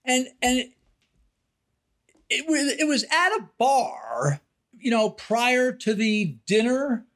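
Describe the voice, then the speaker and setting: An older man co-hosts a podcast, telling family stories in casual chat as an animated storyteller who acts out quotes in a raised voice. His voice is very high and creaky, and he speaks slowly with frequent pauses.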